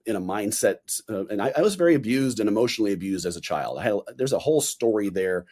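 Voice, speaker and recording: A man in his forties, a podcast guest, chatting casually and telling animated stories in which he acts out the voices he quotes. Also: on the low side, fast. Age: 40s. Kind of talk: casual interview chat.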